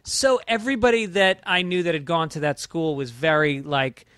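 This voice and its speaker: A man as a comedian guest in casual chat, thinking out loud and correcting himself. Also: on the high side, moderate pace, clear, resonant tone, no room sound, studio quality. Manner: thoughtful, correcting himself as he talks.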